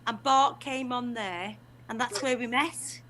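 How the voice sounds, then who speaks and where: A Liverpool woman chats over a video call. Her voice sits high and sounds bright. She talks in an effusive, gushing way. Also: measured pace, a little hiss or hum. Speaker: guest actress. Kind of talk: casual video call chat.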